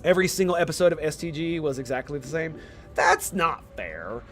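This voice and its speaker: Rambling, excited young male streamer. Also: a little high, fairly quick. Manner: excited, rambling, slangy with lots of "dude" and "man". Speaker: game streamer. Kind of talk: casual chat while streaming.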